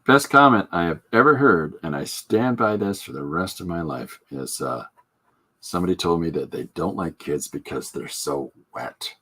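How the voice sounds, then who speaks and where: A man with a deep, slightly rough voice and a sharp tone speaks animatedly at a moderate pace. Hosting a live stream, he demonstrates comic inking and coloring in a casual way, rambling and cracking jokes with frequent fillers.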